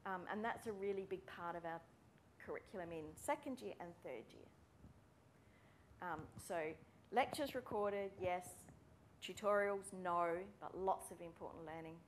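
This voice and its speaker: A woman, a speech pathology lecturer giving a friendly, brisk welcome talk to students and calling out names. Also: fairly low pitch, slight background noise. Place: university room with students.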